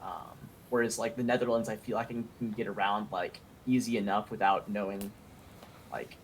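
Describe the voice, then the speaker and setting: A man's voice: on the low side, flat delivery, normal speed, slight background noise. A man chatting casually on a stream, rambling and hesitant with many fillers. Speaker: stream guest. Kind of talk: casual chat.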